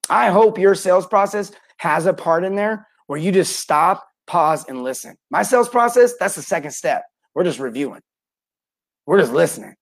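A middle-aged man hosting a live coaching talk for plumbers, energetic, greeting viewers by name and acting out what customers say. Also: high voice, moderate pace. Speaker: podcast host and plumbing sales coach.

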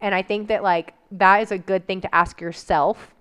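A woman speaks candidly as a guest, her voice smooth and clear at a middle pitch. She talks casually, leaning on "like" as she works through an emotional personal story. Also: fairly even intonation, moderate pace, fairly bright tone. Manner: candid, emotional, frequent "like" fillers.

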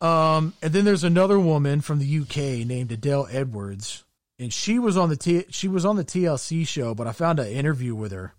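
A man in casual chat, telling crude stories with glee and dropping his voice low for the punchlines. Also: lively intonation, a little fast, dry recording, studio quality. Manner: crude, gleeful storytelling, drops voice low for punchlines.

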